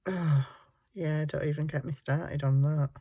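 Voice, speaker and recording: A woman's voice: low voice, fairly even intonation, a little slow, mellow, slightly rough. A woman chatting casually while crafting at home, tired, ditzy and giggly, muttering to herself as she hunts round her desk. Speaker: craft vlogger.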